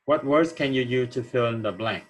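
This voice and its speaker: A man's voice: mid-range voice, moderate pace, slightly rough, faint music behind, poor audio. A man teaching an English grammar lesson, explaining answers step by step and checking in with "okay?" as he goes.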